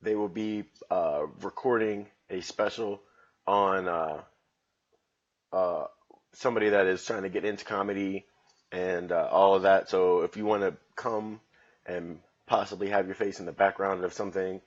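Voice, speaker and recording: A man's voice: low voice, steady tone, moderate pace, highs cut off. A man hosting his own comedy podcast at home, joking around in loose slangy street talk. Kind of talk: casual solo podcast monologue.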